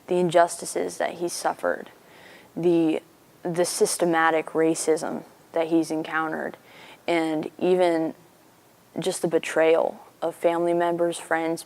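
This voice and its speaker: A young university student from Missouri giving an earnest, chatty personal faith testimony. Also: female voice, fairly low pitch, creaky, darkish tone. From Missouri, USA. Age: young adult.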